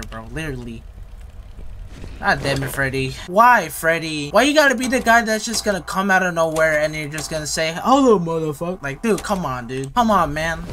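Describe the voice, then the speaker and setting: A man's voice: on the high side, sharp tone, a little hiss or hum. A young man giving rambling, slang-heavy running commentary as he plays a horror game. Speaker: gaming youtuber.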